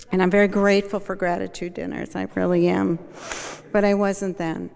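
A woman's voice: fairly low pitch, flat delivery, moderate pace, gravelly, darkish tone, in a large hall. A woman, likely in her sixties, candidly telling her personal recovery story and acting out the voices of people in it. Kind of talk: personal testimony.

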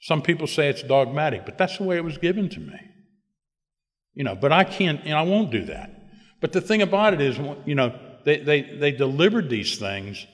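A man's voice: on the high side, very animated, normal speed, in a large hall. An older man giving a personal recovery testimony at a meeting, rambling with many "you know"s and rising to emphatic bursts.

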